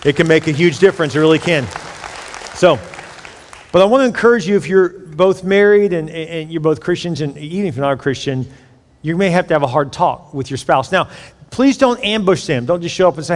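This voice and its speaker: A man's voice: on the high side, animated, a little fast, a faint crowd. A man preaching a sermon as pastor, conversational and joking, with sudden emphatic bursts. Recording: echoey hall.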